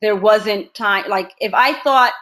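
A woman from the United States, an actress and interview guest, telling lively stories in a casual chat and laughing often. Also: mid-range voice, slow pace.

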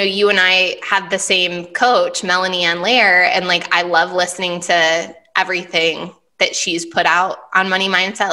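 A woman host with a bright, clear voice, chatting easily in a relaxed podcast conversation. She fills her talk with fillers and slips into quoting her own thoughts as she tells a story. Her pitch sits in the middle range. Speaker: host, money and business mentor. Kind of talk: casual podcast chat.

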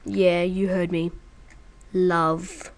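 A woman's voice: medium pitch, normal speed. A woman giving casual, chatty let's-play commentary, talking playfully to her viewers. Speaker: gaming video creator.

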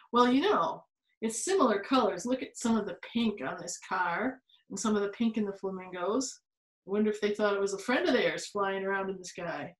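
A woman reading a picture book aloud to children and leading a drawing exercise, animated and quick to exclaim and laugh along with the pictures. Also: medium pitch. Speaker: children's museum storytime reader and art teacher. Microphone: phone or tablet camera. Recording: echoey room sound.

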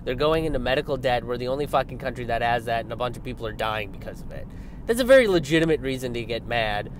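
A young man delivers a loose, sarcastic political rant, swearing freely and slipping into mocking voices. His voice sits at an ordinary pitch for a man. He is outdoors near a road, with faint traffic noise in the background. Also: quick pace. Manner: animated, sarcastic, swears often, mocks opponents in high voices. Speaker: political commentator.

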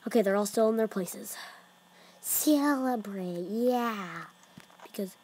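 A woman's voice: medium pitch, lively intonation, takes it slowly, pauses often, darkish tone, slightly rough. A woman hosting a horror game let's play, jumpy and exclaiming, often dropping to whispers. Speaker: gaming channel host.

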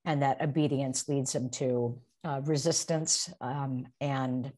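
A woman with a low-pitched voice talks through a Bible passage on a video call. She is reflective and searching, circling back and restarting her sentences as she thinks aloud. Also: steady tone, measured pace, mellow. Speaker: seminary professor, podcast co-host. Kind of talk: casual discussion of scripture.

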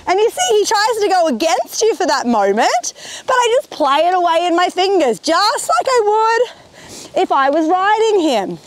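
High, lively woman trainer outdoors. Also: normal speed, slight background noise. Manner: encouraging, chatty, coos praise to the horse. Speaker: horse trainer. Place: outdoors in windy, rainy weather.

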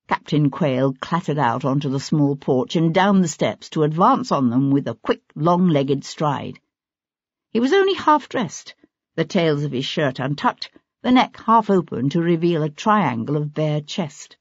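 A woman narrating an audiobook in a steady, even storytelling manner. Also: sits low, a little slow, breathy edge, dry recording, muffled recording.

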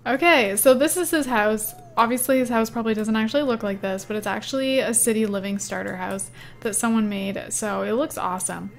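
Young woman, higher voice, chatty let's-play commentary, giggly, lots of fillers. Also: a little fast, gravelly. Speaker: gaming YouTuber.

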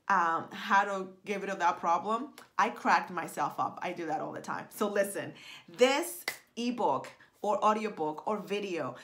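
A woman talking straight to camera as a writing coach, excitable and emphatic, repeating lines for effect and gesturing with her hands. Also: medium pitch. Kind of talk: animated direct-to-camera pitch.

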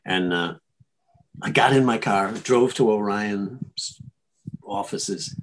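A male actor telling stories in a casual interview, animated and chuckling, often restarting his sentences. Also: on the low side, slow, a little hiss or hum. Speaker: actor guest.

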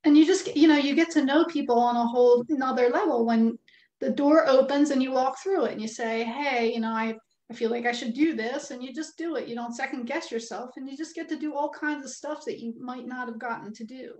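A woman co-hosting a casual chat, speaking eagerly with quick asides. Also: high voice, darkish tone. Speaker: co-host. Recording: echoey room.

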